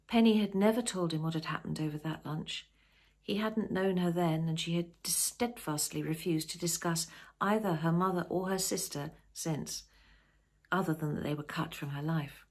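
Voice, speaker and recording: A woman's voice: deep voice, steady tone, moderate pace. A woman reading her own novel aloud, chatting and joking between chapters. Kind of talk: storybook reading and casual chat.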